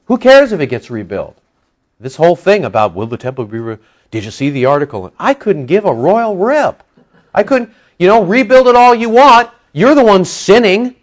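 A man's voice: high-pitched, sing-song, moderate pace, muffled recording. A man preaching a conversational Bible-teaching sermon to a congregation, often emphatic. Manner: emphatic, rising to near-shouting when stirred; conversational, with asides to the audience. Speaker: pastor.

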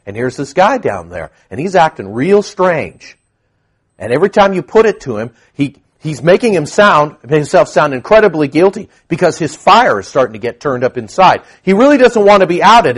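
Animated, lively preacher man. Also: a little high, breathy edge. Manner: animated, conversational teaching with frequent asides. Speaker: pastor. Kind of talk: sermon.

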